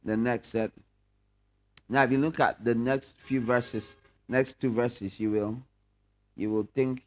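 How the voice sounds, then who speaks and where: A man's voice: medium pitch, steady tone, takes it slowly, long pauses. A man leading a prayer meeting Bible study, talking conversationally and asking the room questions. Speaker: pastor.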